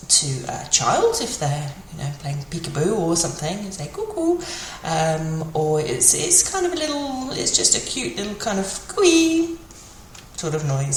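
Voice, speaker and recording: Woman, low-ish and animated, a chatty language teacher; roomy echo, slight background noise. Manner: chatty, with fillers, repeats example phrases slowly. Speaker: French teacher. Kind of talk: casual spoken language lesson. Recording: echoey room with faint ambient noise.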